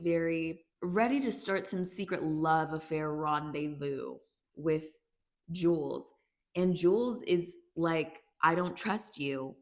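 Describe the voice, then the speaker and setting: A woman casually recapping a TV season for a video, chatty and animated, breaking off with her own reactions. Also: low voice. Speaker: YouTube recap host.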